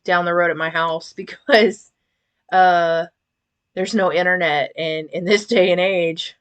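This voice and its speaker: A woman's voice: on the low side, steady tone, a little slow, clean tone. Southern US woman, podcast co-host, dry teasing delivery. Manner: dry, teasing, reins in the jokes. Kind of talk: casual podcast chat.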